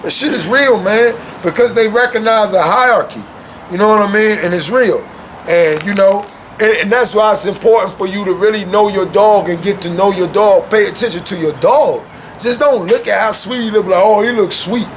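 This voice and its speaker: This high-pitched young man speaks at a moderate pace with slight background noise. He's a guest in a casual chat at home with his dogs, animated and loose, leaning heavily on slang and the word "man."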